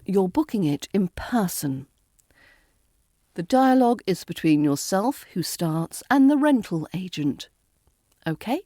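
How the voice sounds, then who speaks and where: A British woman with an RP accent coaches pronunciation, saying each word with slow, careful deliberation and repeating it for practice. Her voice is soft and mellow, recorded close and dry. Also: mid-range voice, no room sound. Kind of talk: pronunciation lesson.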